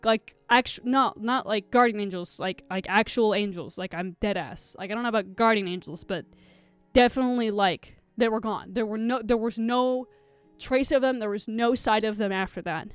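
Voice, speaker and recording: Young woman, live streamer, rambling storytelling, swears a lot, near tears, smooth clear voice, dry sound, faint music behind. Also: mid-range voice, normal speed, no room sound. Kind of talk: casual storytelling to a live chat.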